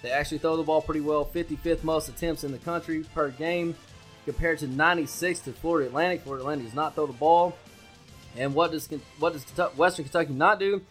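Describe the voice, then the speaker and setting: Brash, loud male sports-betting host. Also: fairly high pitch, steady tone, fast talker, faint music behind. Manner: loud, brash, profane and hyped. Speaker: podcast co-host. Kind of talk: sports betting podcast banter.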